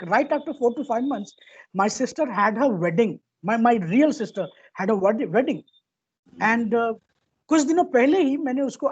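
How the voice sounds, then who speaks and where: A motivational speaker with an Indian accent tells a personal story in an earnest talk, frequently repeating words. His voice is very high with a breathy edge, and the sound quality is lo-fi.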